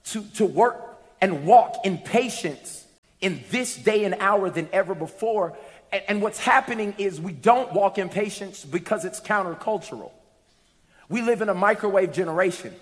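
A man preaching a sermon, telling a funny story and building to loud, emphatic shouts. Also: high voice. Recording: reverberant hall.

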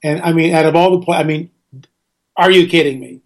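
High-pitched man ranting on talk radio. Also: brisk. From United States. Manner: indignant, ranting, rhetorical questions. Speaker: radio talk show host. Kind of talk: opinionated radio monologue.

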